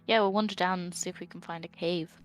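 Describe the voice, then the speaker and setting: A woman's voice: on the low side, fairly even intonation, fast, soft background music. A woman playing a tabletop game, making eager suggestions to her party. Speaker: player. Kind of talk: casual chat at a tabletop game.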